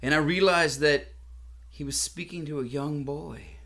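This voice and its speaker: A middle-aged man telling a comic story in a deadpan, mock-solemn, formal way. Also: on the high side, unhurried, vocal fry. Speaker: comedian.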